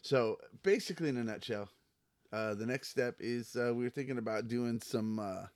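A man's voice: mid-range voice, normal speed, a little mellow, dry recording. A man co-hosting a podcast, laid-back and casual, swearing freely and laughing often. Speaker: podcast co-host.

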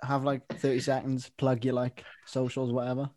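A man hosting a podcast, chatting casually in a relaxed way, with some halting restarts. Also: mid-range voice, no room sound. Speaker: podcast host. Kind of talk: casual chat.

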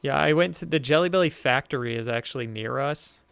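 Smooth-voiced young man chatting. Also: medium pitch, brisk, a bit bright, dry recording. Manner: rambling, self-interrupting, laughs easily. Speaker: podcast co-host. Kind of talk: casual chat.

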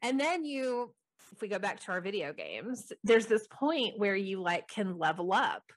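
Middle-aged woman host, chatty and loose, medium pitch. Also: very animated, a little slow. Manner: chatty, uses like a lot, laughs easily. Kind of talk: casual chat.

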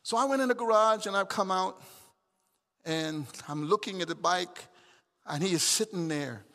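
A middle-aged pastor preaching a sermon, swinging from shouted emphatic calls to soft, chuckling storytelling. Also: male voice, high-pitched, normal speed, big-room sound.

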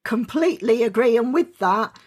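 A woman host chats casually and agreeably, her voice a little higher than most. It has a husky, slightly breathy texture. She answers her guest warmly with quick affirmations. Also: lively intonation. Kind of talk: casual chat.

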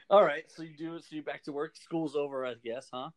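A man hosting a casual radio show, joking and laughing easily with his guest. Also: a little high. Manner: jokey, laughs easily, quick asides.

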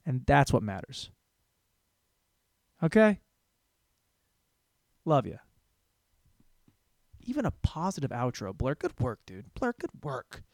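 A man's voice: mid-range voice, huge pitch swings, slow, long pauses, no room sound, clean studio sound. A man in his thirties hosting a solo comedy podcast. He talks in a crude, rambling, self-mocking way. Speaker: podcast host.

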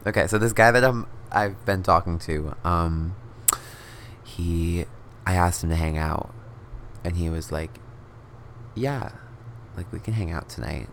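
A man's voice: sits low, unhurried, long pauses, a bit bright, a little hiss or hum. A young man hosting his own podcast, telling a story in a casual chat, talking close to the mic, swearing often and filling his talk with "like". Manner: chatty, swears often, says "like" a lot, laughs between phrases. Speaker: podcast host.

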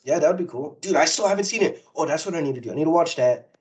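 A man co-hosting a casual pop-culture podcast, talking excitedly and rambling with frequent laughs. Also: a little high, racing, breathy edge, rough recording. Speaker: podcast co-host. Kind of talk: casual chat.

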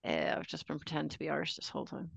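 Middle-aged Australian woman, podcast co-host, low gravelly voice, quick jokey asides. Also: big pitch swings, dry recording. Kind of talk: casual chat.

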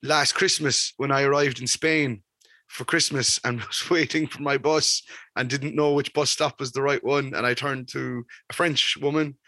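An Irish man co-hosting a podcast, telling sweary stories in an animated, casual way. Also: mid-range voice, moderate pace, dry recording. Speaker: podcast co-host. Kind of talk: casual chat.

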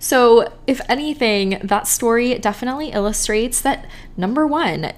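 A woman's voice: fairly high pitch, lively intonation, normal speed. A young woman hosting a self-help podcast, talking casually and chattily to her listeners about emotional triggers. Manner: casual and chatty, frequent "like" and "you guys". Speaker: podcast host and manifestation coach.

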